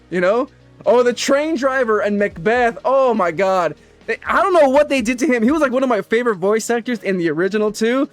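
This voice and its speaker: A man's voice: sits high, lively intonation, moderate pace, faint music behind. A man giving a rambling, chatty game review voice-over, laughing easily as he talks. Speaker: gaming channel host.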